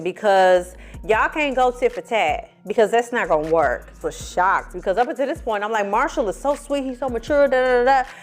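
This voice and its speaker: Sassy, foul-mouthed woman recapping reality TV. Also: mid-range voice. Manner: sassy, profane, animated storytelling. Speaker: film and TV reviewer. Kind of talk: casual recap commentary.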